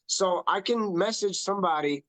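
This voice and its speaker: An emphatic, animated man leading a casual online coaching session. His voice sits a bit high for a man, and the sound is close and dry, as if heard over a video call. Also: normal speed, no echo. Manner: emphatic, animated, repeats himself. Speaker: social media coach. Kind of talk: casual webinar talk.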